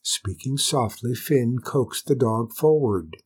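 A man reading a storybook aloud in a calm, measured, gentle way. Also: mid-range voice, breathy edge. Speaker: narrator.

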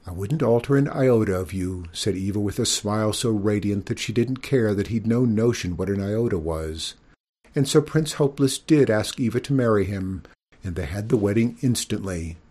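A man reading a children's story aloud, expressive and giving each character a voice. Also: lowish voice, moderate pace.

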